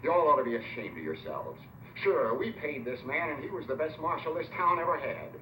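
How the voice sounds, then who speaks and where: An earnest, scolding townsman whose voice sounds bright and carries from across an echoey room. The old film recording has a faint hiss. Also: a little high, lively intonation, fairly quick, distant mic. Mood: indignant.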